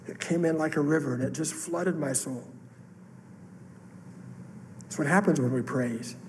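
Guy preaching, kinda high voice, echoing big hall, faint room hum. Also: a little slow, a little mellow. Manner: earnest, emotional testimony with rising outbursts. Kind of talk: sermon storytelling. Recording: long hall reverb, faint room ambience.

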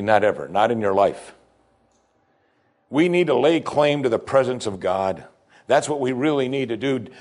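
A male pastor delivering a sermon, preaching emphatically with pitch that climbs and falls.

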